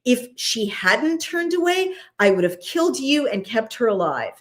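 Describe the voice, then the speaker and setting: A woman's voice: on the high side, big pitch swings, moderate pace, voice pushed up. A woman playing a stern angel, reproachful, scolding.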